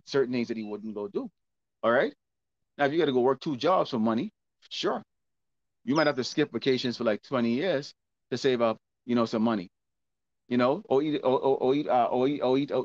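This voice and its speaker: A man's voice: mid-range voice, no room sound. Man preaching in rhetorical questions. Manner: rhetorical questions answered himself, repeats words, frequent "okay?". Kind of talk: teaching sermon with scripture reading. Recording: dull lo-fi dry recording.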